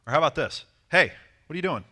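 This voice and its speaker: Guy running a dating seminar, bright voice, lively, acts out what to say. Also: fairly high pitch, fast. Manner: animated, acts out short lines of dialogue. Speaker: dating coach. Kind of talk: seminar talk to a live audience.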